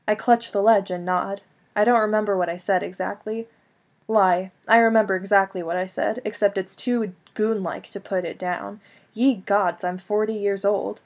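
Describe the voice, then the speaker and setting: A woman narrating a first-person audiobook in a wry, conversational tone. Her voice sits at an ordinary middle pitch and moves along easily. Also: fairly even intonation, moderate pace. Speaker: audiobook reader.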